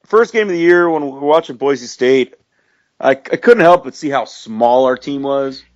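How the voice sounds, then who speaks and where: A man in casual sports chat, excitable and profane, often repeating himself. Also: medium pitch, moderate pace, no room sound, highs cut off. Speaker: co-host.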